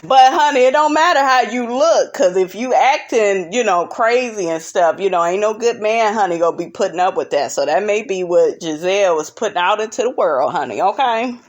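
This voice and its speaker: A woman recapping a reality show in casual, sassy commentary, full of "honey" and big swoops of pitch for emphasis. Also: moderate pace, few pauses. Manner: sassy and animated, constantly saying "honey".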